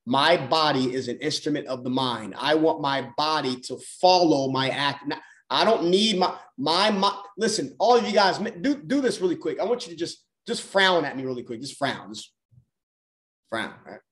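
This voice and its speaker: A man's voice: on the high side, expressive, normal speed, a bit bright. Emphatic motivational coach, man. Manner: emphatic, repeats phrases for effect. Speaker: business mindset coach. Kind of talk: motivational call talk.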